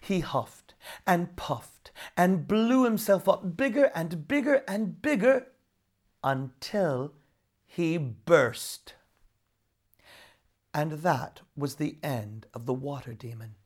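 A woman reading a children's story aloud with expressive narration. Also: low-pitched, slow, breathy edge.

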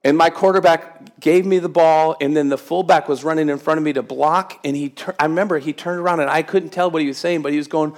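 A man's voice: on the high side, fairly even intonation, quick pace, hardly any pauses. A middle-aged man preaching a sermon to his congregation, chatty and humorous, building to emphatic exhortation. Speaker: pastor. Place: church sanctuary with congregation.

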